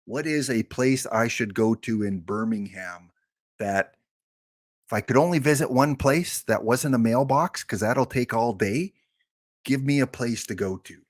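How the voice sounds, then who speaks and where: Slow, joking man streaming a game. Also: mid-range voice. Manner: chatty, joking, talks to viewers. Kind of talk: casual live-stream chat.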